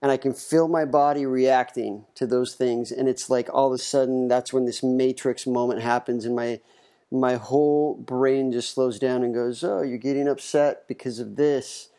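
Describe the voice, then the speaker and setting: Mellow-voiced casual podcast host, man. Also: medium pitch, little pitch movement, moderate pace. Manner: candid, self-deprecating, loose with restarts. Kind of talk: casual solo podcast talk.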